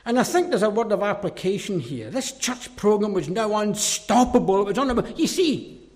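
A man preaching a sermon, emphatic and forceful, dropping into low mocking asides. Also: expressive, moderate pace. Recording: reverberant hall.

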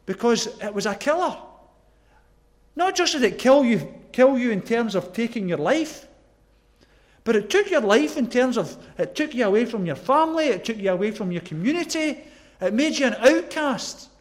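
A man's voice: extremely high pitch, big pitch swings, normal speed. A man from Scotland with a Glasgow accent preaching a sermon, earnest and emphatic, asking the listeners questions. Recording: long echoey hall reverb.

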